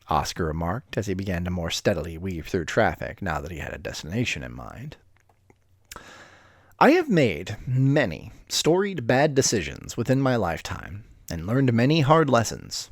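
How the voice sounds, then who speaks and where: A man's voice: on the low side, very animated, moderate pace, dry recording, clean studio sound. A man reading a story aloud with a casual, profane, self-deprecating manner and offhand asides. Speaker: reader of stories.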